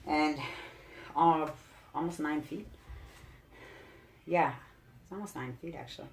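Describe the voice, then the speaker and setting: A woman's voice: low-pitched, slow, a little hiss or hum. A young woman vlogging casually at home, chatty and a bit out of breath while handling a heavy snake, laughing often between fillers. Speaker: reptile keeper vlogger. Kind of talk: casual show-and-tell vlog. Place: indoors at home. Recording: echoey home room.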